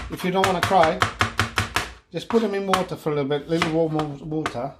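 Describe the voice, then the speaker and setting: His voice is on the high side, with fairly even intonation and a slightly fast pace. The middle-aged host from northwest Spain runs a casual cooking demonstration at home, chatty and rambling with plenty of fillers and tag questions. The recording catches the kitchen's echo and the sounds of cooking.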